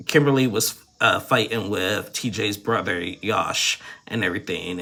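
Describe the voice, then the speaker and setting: A man with a deep, gravelly voice rambles through a casual reality TV recap, leaning on fillers like "and stuff." His tone carries a bright, tense edge as he gives frank opinions.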